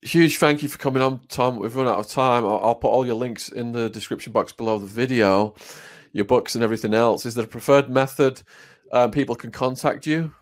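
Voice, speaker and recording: A man hosting an interview, briskly reading out questions from viewers. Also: mid-range voice. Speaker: podcast host.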